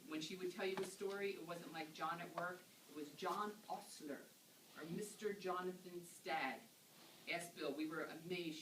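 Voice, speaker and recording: A woman's voice: fairly low pitch, pushed and bright. Woman telling stories at a funeral, mic far off, echoey noisy room. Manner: anecdotal storytelling, conversational. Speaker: eulogist. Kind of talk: funeral eulogy. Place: funeral service hall.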